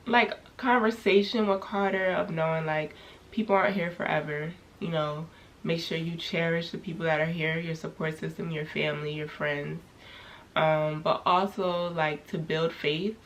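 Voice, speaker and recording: A woman's voice: low-pitched, vocal fry, a bit bright. A young woman talking candidly to her camera in a casual personal vlog, rambling with many fillers as she reflects on grief. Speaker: vlogger.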